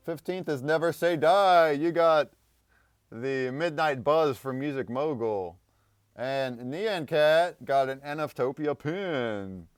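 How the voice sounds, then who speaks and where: A man's voice: a little high, takes it slowly, smooth, dry recording, clean studio sound. A man hosting a casual live stream, upbeat and laughing often as he announces winners. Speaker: stream host.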